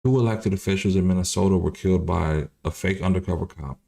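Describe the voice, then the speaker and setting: A man's voice: low-pitched, fast, creaky, dark tone. A man hosting a livestream, giving loose, profane political commentary with many restarts. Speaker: livestream host.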